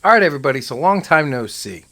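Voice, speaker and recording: A man's voice: fairly high pitch, sing-song, fast, pushed and bright, dry recording. A young man giving casual, joking commentary on a video game he is playing, talking to his viewers and swearing freely. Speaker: gaming video creator. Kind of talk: casual let's-play commentary.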